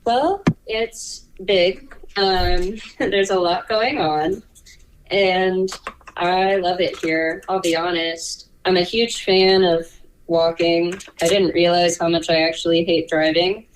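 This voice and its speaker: A woman's voice: on the low side, steady tone, slow pace, a little hiss or hum, low-quality recording. A young woman, a music student and songwriter, chatting casually and saying "like" a lot. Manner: laid-back, lots of "like". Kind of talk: casual chat.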